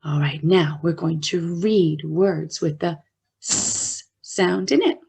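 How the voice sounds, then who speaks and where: A woman teacher with a Canadian accent, giving a slow, clear phonics lesson to young children and drawing out the letter sounds. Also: fairly low pitch, a little mellow.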